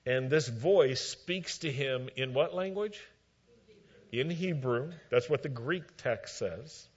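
A man preaching a sermon, retelling scripture with emphatic, measured storytelling and dry asides. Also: medium pitch, slightly rough. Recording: dull lo-fi recording.

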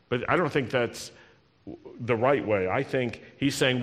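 A man preaching a sermon, teaching slowly and deliberately from a Bible passage and having the congregation repeat lines after him. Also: lowish voice, big-room sound. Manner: slow, deliberate Bible teaching with call-and-response.

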